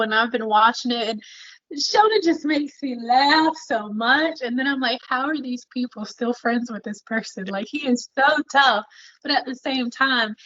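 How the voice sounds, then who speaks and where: Podcast co-host, a woman with a somewhat high voice, earnest, casual chat, muffled audio. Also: fairly bright tone.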